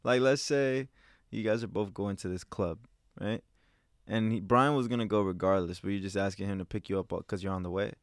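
Low-voiced, teasing podcast co-host. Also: male voice, no echo, studio quality. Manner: teasing, quick banter and questions. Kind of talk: casual chat.

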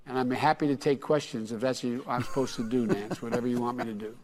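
A male politician giving a speech from a podium, halting and often losing his words. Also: medium pitch, fairly even intonation, a crowd in the background. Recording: echoey hall.

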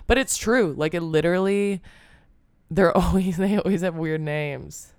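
Talking at normal speed in a smooth, darkish, lowish voice, a young woman hosts her podcast alone, wandering through a self-mocking monologue packed with "like" and casual cursing. The recording is studio quality with no room sound.

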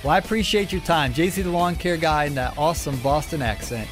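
A man's voice: a little high, lively intonation, a little fast, over music. A man hosting a podcast, chatting casually in a rambling way with many restarts. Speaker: podcast host. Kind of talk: casual interview chat.

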